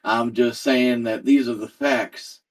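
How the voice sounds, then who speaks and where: A man playing a tabletop game, measured and formal when in character. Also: medium pitch, fairly even intonation, recorded from a distance. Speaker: player.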